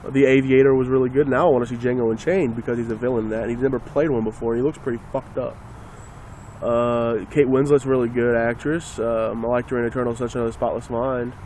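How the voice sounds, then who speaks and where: A man's voice: medium pitch, fairly even intonation, quick pace, darkish tone, a little hiss or hum. A man ranting casually and sarcastically into a phone, rambling and swearing as he talks. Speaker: vlogger.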